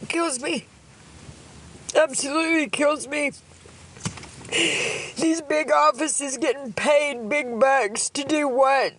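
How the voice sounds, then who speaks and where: A woman's voice: sits high, slow pace, pauses often, fairly bright tone, a little hiss or hum. A woman ranting angrily on a phone livestream, heated, profane and repetitive. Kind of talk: angry livestream rant.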